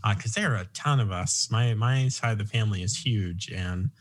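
A man's voice: fairly low pitch, normal speed. A man hosting a casual podcast interview, speaking in a neutral, non-regional American accent. He talks loosely and digresses, then pulls himself back on track. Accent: none, neutral American. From Long Island, New York. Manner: rambling, self-deprecating, digresses. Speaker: podcast host.

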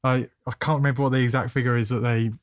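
A man's voice: mid-range voice, little pitch movement, very fast, clear, resonant tone, no room sound, studio quality. A man in a casual podcast chat, teasing his friends and laughing at his own jokes.

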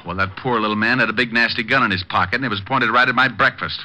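A wisecracking private eye. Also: male voice, medium pitch, fast talker, sharp tone. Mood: wry. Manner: wisecracking, breezy. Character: wisecracking male private detective. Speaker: private detective. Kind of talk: 1940s radio acting. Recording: muffled old radio broadcast.

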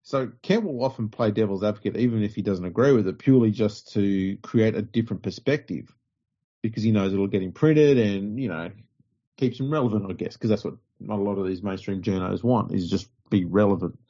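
Sweary, blunt podcast host. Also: male voice, lowish voice, brisk, mellow. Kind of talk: casual podcast chat. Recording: dull lo-fi podcast audio.

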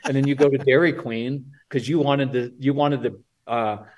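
Speaking at a moderate pace in a mid-range voice, a male parenting coach talks casually as a podcast guest. He's animated throughout, voicing both kids' and parents' lines.

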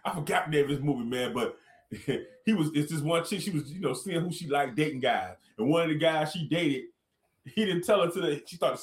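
A man with a fairly high voice tells stories in a relaxed, slangy way and laughs often. He is recorded in a roomy, echoey space. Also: fairly quick. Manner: laid-back, laughing storyteller with slang. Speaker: guest. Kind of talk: casual chat.

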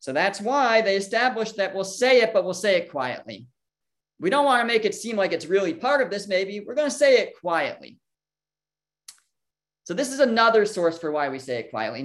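A teacher works through a Torah lesson out loud. The talk moves from question to answer, stopping to translate Hebrew terms along the way. The voice sits at a middle pitch. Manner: thinks aloud, poses questions and answers them.

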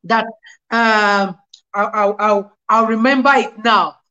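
A middle-aged woman, a guest on a video call, telling lively personal stories and quoting scripture. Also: medium pitch, takes it slowly, lo-fi sound. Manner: animated storyteller, quotes scripture. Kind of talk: casual interview, personal testimony.

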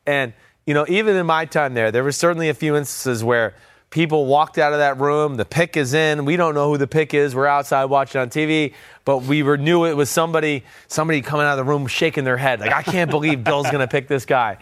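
A man's voice: a little high, fast, a bit bright, smooth, no room sound, clean studio sound. A former quarterback in his forties, a guest telling stories about his career and acting out what others said. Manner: storytelling, acts out quotes from others. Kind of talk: casual interview talk.

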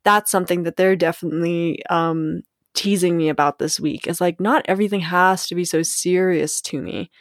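A woman's voice: fairly low pitch, steady tone, moderate pace, hardly any pauses, no room sound, studio quality. A young woman hosting a podcast alone, talking casually in a playful, giggly way, full of likes and you knows. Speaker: podcast host. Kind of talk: casual solo podcast monologue.

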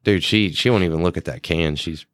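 A man's voice: low-pitched, a little fast, fairly bright tone, no echo. A man, co-hosting a podcast in casual, swearing storytelling chat. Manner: laid-back storytelling, swears freely. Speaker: podcast co-host.

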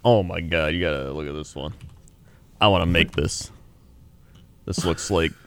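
A man's voice: low voice, normal speed, fairly bright tone, no room sound. A man in casual chat, easygoing and reacting to his co-host.

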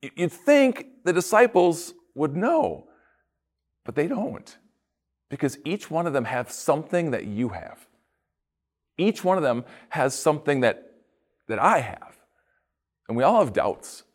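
A man, a pastor, giving a casual devotional talk with animated storytelling and playful asides. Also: fairly high pitch, a little slow, long pauses.

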